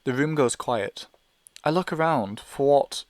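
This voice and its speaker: Male audiobook reader, mid-pitched, anxious narration, dry booth sound. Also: animated, unhurried, darkish tone, dry recording. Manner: anxious, hesitant inner monologue. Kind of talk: first-person novel narration.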